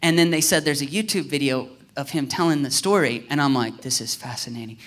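A male pastor preaching a sermon in an animated way, acting out voices and rising to near-shouts. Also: on the high side, a little fast.

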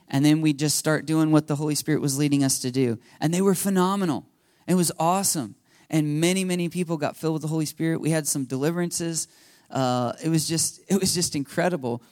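A man pastor telling a story in his sermon, animated, laughing, and acting out quotes. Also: a little high, dry recording, clean studio sound.

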